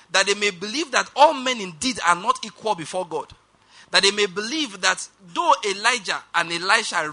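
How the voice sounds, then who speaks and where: A man preaching a sermon, reading scripture aloud and slowing down to stress key lines while urging the congregation to respond. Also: high voice, bright, forceful tone. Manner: reads scripture aloud, slows for emphasis, urges the congregation.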